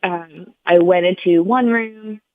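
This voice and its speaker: A woman's voice: fairly low pitch, takes it slowly. A woman guest recounts a personal story in an earnest, heartfelt way, with many "like"s. She raises her voice to act out the people she quotes. The sound is thin and phone-like, with no room echo. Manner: earnest, heartfelt retelling, heavy use of "like". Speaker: podcast guest. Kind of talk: personal storytelling in a conversational interview. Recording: tinny phone-like sound, dry.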